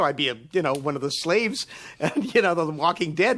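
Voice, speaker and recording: Older male writer in his seventies, high-pitched, furious sarcastic rant, swears freely, mimics others. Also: lively intonation, fairly quick, a bit bright. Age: 70s. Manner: angry, sarcastic, profane ranting; acts out the people he quotes. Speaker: interviewee, writer. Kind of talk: documentary interview rant.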